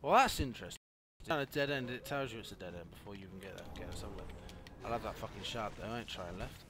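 A young man doing let's play commentary, swearing a lot and often breaking into angry yells. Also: lowish voice, animated, quick pace. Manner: swearing, frequent angry yelling outbursts. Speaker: gaming youtuber.

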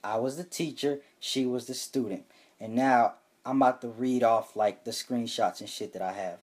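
A young man telling a comedic, profane story for his vlog, reading chat screenshots aloud with loud, animated bursts. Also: mid-range voice, moderate pace.

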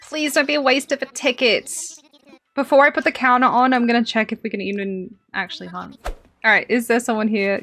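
A young Australian woman chatting over a game as a streamer, excitable, swearing freely and laughing often. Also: fairly high pitch, fairly quick, a little hiss or hum. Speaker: gaming streamer. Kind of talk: casual game commentary.

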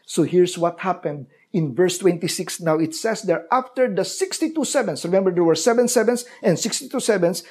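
Guy preaching a bible sermon, warm mellow voice, explains it step by step. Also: lively intonation, brisk, few pauses, slightly rough. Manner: explanatory Bible teaching, rises in pitch when stressing a point. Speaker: pastor.

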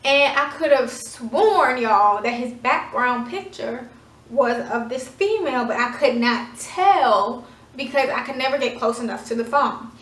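High-voiced woman telling a story in an echoey room. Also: lively intonation, unhurried, fairly bright tone, far from the mic. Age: 20s. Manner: dramatic, chatty retelling with many fillers. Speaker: vlogger. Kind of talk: casual storytime chat.

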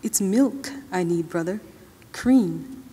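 A woman's voice: lowish voice, slow pace, mellow, a little hiss or hum. A woman reading aloud and voicing a feverish young man who groans and complains in streetwise slang, heard in a reverberant hall. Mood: sickly complaining.

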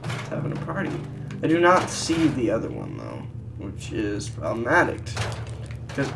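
A gamer giving casual, crude, joking commentary while playing, often bursting into loud laughter. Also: medium pitch, wildly swooping pitch, moderate pace, creaky, heavy background noise. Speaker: let's play gamer.

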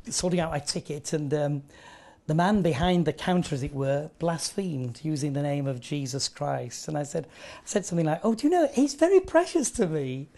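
Earnest male preacher. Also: fairly high pitch. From northern England. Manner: earnest, storytelling with lively asides. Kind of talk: sermon.

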